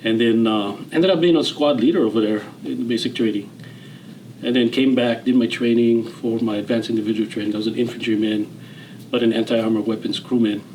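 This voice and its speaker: A man of around sixty with a Hawaiian Pidgin-tinged accent, telling his story as a guest in a relaxed, rambling way, with fillers and restarts. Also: medium pitch, a little fast, slight background noise, rough recording. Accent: Hawaiian Pidgin-tinged English. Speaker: interview guest, retired general. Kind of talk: casual storytelling interview.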